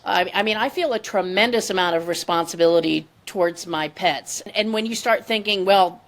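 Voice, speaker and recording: A candid woman podcast host who shares her opinions plainly. She talks in a relaxed, reflective way, weighing her words as she goes. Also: lowish voice, fairly quick. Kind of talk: casual podcast conversation.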